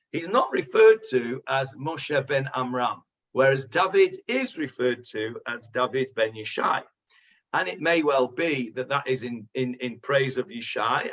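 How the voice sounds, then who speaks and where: A man, a rabbi leading a Bible study class, thinking aloud with many pauses and fillers as he answers his students. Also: mid-range voice, sharp tone. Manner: thoughtful, hesitant with many fillers. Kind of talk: teaching and discussing with students. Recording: lo-fi recording.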